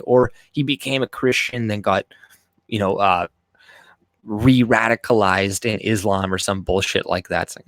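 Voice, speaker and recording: A man's voice: on the low side, a bit bright, no room sound, clean studio sound. A man hosting a casual livestream, rambling and swearing as he reacts to clips and chat. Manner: rambling, profane, with frequent restarts. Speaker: livestream host.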